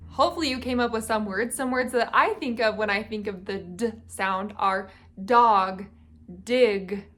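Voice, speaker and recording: A woman teaching young children to read, sounding out each sound slowly and clearly and prompting them to join in. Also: fairly high pitch, a bit bright. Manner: slow, clearly sounded-out speech with encouraging prompts. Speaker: reading teacher. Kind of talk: phonics lesson for young children. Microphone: camera mic, teaching at a whiteboard.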